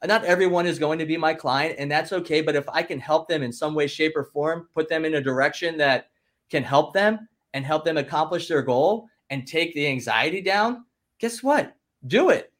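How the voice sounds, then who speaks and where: A man with a fairly high voice talks as a guest business coach, pushing his points with rising energy. He is emphatic and rallying and keeps stopping himself to say "listen." His talk moves between relaxed explanation and loud bursts of encouragement. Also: fairly quick. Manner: emphatic, rallying, fond of "guess what" and "listen".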